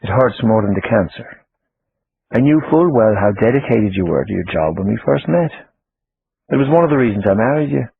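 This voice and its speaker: A man's voice: fairly low pitch, animated, fairly quick, gravelly, husky, dry recording, heavily acted. A man reading the part of a tender, teasing dying wife, tearful at times. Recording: tinny phone-like audio, faint music.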